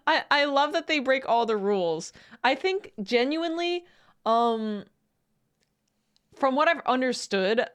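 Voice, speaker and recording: A woman streamer chatting casually as she reacts to videos, excitable, laughing often and swearing freely. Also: mid-range voice.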